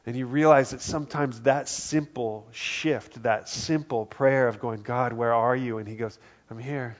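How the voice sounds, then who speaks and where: A man preaching a sermon as pastor, earnest, dropping to a hushed voice for quoted lines. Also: mid-range voice, steady tone, unhurried, highs cut off. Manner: earnest, drops to soft quiet tones for quoted words.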